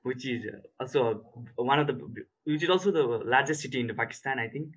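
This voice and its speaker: A man from Nepal chatting as a workshop participant on a video call, earnest with halting phrasing. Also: mid-range voice, husky, dull audio. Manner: earnest, non-fluent phrasing. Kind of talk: casual chat on a video call.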